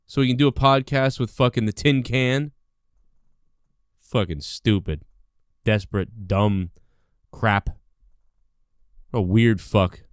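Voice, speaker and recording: A man's voice: fairly low pitch, steady tone, takes it slowly, long pauses, dry recording, studio quality. A man hosting a podcast, ranting angrily and sarcastically with constant swearing. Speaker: podcast host. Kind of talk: profane ranting monologue.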